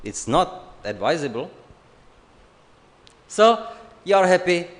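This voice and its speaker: Slow-speaking man lecturing in an echoing hall. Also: high-pitched, big pitch swings. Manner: unhurried, joking, acts out family dialogue. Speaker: swami giving a scripture class. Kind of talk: sermon. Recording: long hall reverb.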